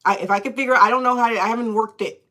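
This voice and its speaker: A woman tarot reader talking live into her phone, animated and indignant, cursing freely as she vents. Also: fairly high pitch, racing, background noise. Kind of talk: live-streamed tarot chat.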